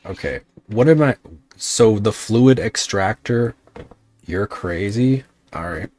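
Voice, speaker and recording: A male VTuber talks slowly in a lowish, darkish voice during a casual gaming livestream. He's playing a modded game, muttering complaints about it, answering chat, and swearing every so often.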